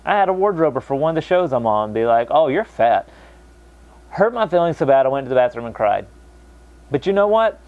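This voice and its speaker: A young American man talking casually to camera, animated, mocking other people's voices when quoting them. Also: mid-range voice, fast, muffled recording. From United States. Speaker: vlogger.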